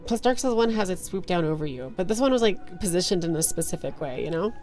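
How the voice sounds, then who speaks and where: Young woman, gaming streamer, playful and teasing, very animated, faint music behind. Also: fairly low pitch, quick pace. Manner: playful, joking, laughs often. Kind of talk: casual gaming chat. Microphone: headphones with a desk mic.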